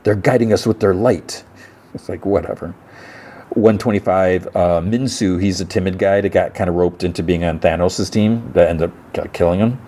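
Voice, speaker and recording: A man's voice: low voice, steady tone, normal speed, mellow. A man hosting a podcast, casually retelling a TV episode in a rambling way, stumbling and repeating words. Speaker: podcast host.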